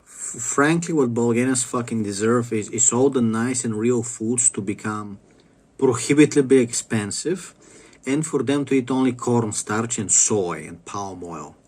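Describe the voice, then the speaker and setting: Swearing nonstop, a man delivers a rambling, stop-start rant to camera as a vlogger. His voice is medium in pitch with a slightly mellow quality.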